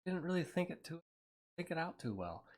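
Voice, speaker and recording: A man's voice: a little high, sing-song, brisk. A man ranting on a livestream, heated and profane, talking in a rambling way. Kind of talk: angry livestream rant.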